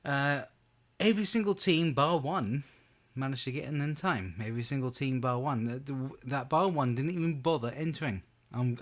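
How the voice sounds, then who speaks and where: A man's voice: medium pitch, lively intonation, fairly quick. A man hosting an online pub quiz, chatty and rambling with lots of fillers. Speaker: quiz host.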